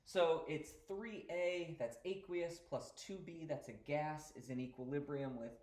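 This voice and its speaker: A man's voice: on the high side, a little slow, darkish tone, roomy sound. A male teacher giving a casual recorded lecture, explaining step by step and often checking in with "okay?".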